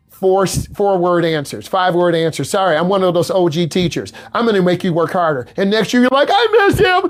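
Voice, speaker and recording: A man from the Midwest, a teacher giving a classroom lecture and pushing his students to work harder. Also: high-pitched. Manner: animated, exhorting students, repetitive.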